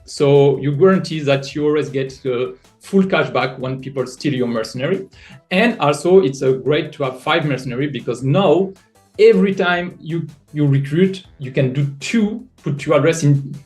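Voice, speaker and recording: A man with a French accent explaining a project in a live audio chat, halting with many fillers and restarts. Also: on the high side, a little mellow, soft background music. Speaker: NFT project creator.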